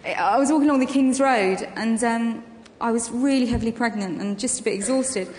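A woman telling anecdotes on stage in an interview, full of ums and quick laughs. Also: on the high side, a little mellow, slight background noise. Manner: chatty anecdotal storytelling with frequent ums and laughs. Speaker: guest actress and comedian. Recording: echoey hall with long reverb, faint ambience.

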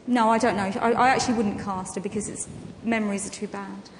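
A woman telling anecdotes on stage in an interview, full of ums and quick laughs. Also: medium pitch, fairly even intonation, slight background noise. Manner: chatty anecdotal storytelling with frequent ums and laughs. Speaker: guest actress and comedian. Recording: echoey hall with long reverb, faint ambience.

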